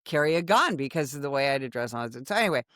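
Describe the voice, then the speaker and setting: A woman in her sixties, a former undercover police officer, telling a story in a podcast conversation with dramatic, animated retelling. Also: very deep voice, racing, no room sound, clean studio sound. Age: 60s.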